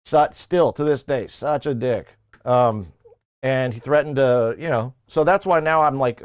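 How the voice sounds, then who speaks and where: A man's voice: medium pitch, unhurried, clean tone, no room sound, dull audio. Rambling, swearing man telling stories. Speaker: livestream host. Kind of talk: casual chat.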